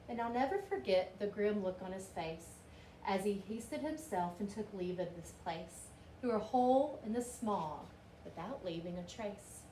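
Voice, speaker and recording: A woman reading a rhyming storybook aloud with a rhythmic, expressive delivery. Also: medium pitch, a little slow. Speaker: reader. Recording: roomy with faint hiss.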